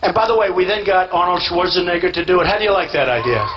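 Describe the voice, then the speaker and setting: A man's voice: high-pitched, fast talker, noisy background. Boastful, rambling man at a rally. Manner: acts out quoted dialogue. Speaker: presidential candidate at a rally. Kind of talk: rally speech.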